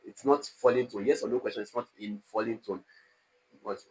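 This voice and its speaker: A man teaching a live online exam-prep class. He talks slowly and carefully, repeating each example phrase and stretching its pitch up and down. His voice sits in a middle range for a man. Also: poor audio. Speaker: lecturer. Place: online class studio with a technician.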